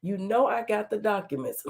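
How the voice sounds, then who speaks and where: Still getting over an illness, this woman's voice sounds slightly off, medium in pitch, gravelly and mellow. She runs a laid-back livestream talk show, chatting in a folksy way and welcoming viewers by name.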